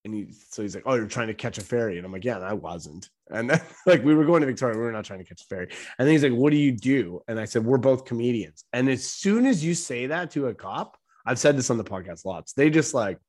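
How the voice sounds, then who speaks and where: A man's voice: mid-range voice, animated, quick pace, few pauses, a little mellow. A man, a comedian telling a story in casual, profane chat and laughing as he goes. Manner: laid-back, profane, laughs through stories.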